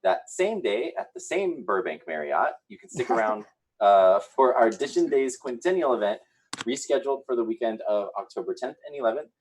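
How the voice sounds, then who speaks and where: Animated man reading soap gossip. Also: medium pitch, fairly quick, slightly rough, poor audio. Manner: upbeat, animated delivery with filler "uh"s. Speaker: co-host reading show news.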